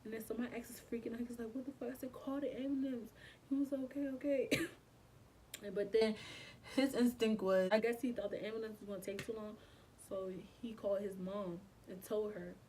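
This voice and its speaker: A woman's voice: mid-range voice, steady tone, a little fast, darkish tone, distant mic, slight background noise, low-quality recording. A young woman, telling a painful personal story in a casual, emotional way, with frequent swearing and slang. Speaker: vlogger. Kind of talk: storytime vlog.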